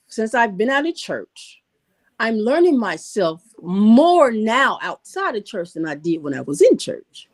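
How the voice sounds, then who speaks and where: A middle-aged woman co-hosting a casual talk show, telling candid stories in relaxed Southern American phrasing. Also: a little high. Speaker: podcast co-host. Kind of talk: casual conversation.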